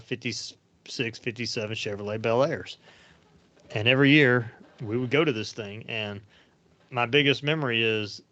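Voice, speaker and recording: A man's voice: mid-range voice, bright, forceful tone. Rambling man, lo-fi. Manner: rambling and anecdotal, with frequent fillers. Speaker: podcast host. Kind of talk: casual storytelling chat. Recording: dull lo-fi sound, dry.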